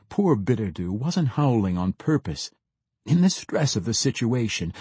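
Husky expressive male fantasy narrator. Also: mid-range voice, no echo. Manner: expressive, dramatic storytelling. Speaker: audiobook narrator.

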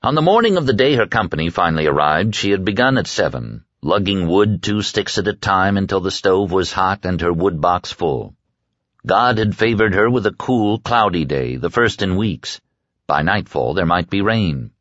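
A man narrates a novel in a measured storytelling manner, his voice sitting low. The sound is dry and close with no room, and the recording is dull and lo-fi. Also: animated, a bit bright, dry recording. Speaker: audiobook narrator. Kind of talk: scripted narration.

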